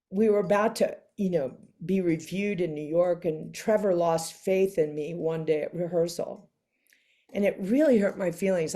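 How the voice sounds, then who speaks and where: A woman guest in an interview, telling stories in a casual, animated way and acting out the people she quotes. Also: on the low side. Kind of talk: casual storytelling in a sit-down interview.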